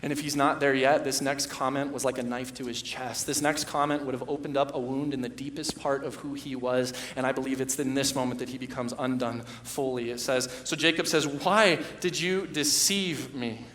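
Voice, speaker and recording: A man preaching a sermon as pastor, moving from hushed storytelling to loud, impassioned emphasis. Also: mid-range voice, fairly even intonation, moderate pace, hardly any pauses, roomy sound, slight background noise. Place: church sanctuary.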